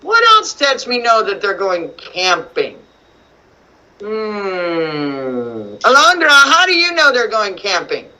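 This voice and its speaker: A woman teaching young children to read over a video call, animated and coaxing, full of questions. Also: mid-range voice, slow, poor audio. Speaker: kindergarten teacher. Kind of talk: online reading lesson for young children. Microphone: computer mic on video call.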